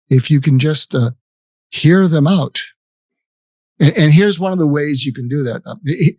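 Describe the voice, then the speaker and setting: This older psychiatrist, interviewed as a guest, has a mid-range, darkish voice captured dry. He walks through his techniques with real earnestness, plays out sample dialogues, and frequently starts over mid-thought.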